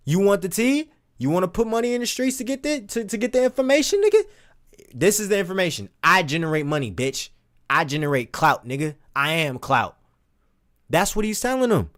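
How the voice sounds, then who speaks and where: A man giving casual, profane commentary as a streamer, breaking into recited lines with big swings in pitch and loudness. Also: big pitch swings, fairly quick. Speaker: streamer discussing rap lyrics.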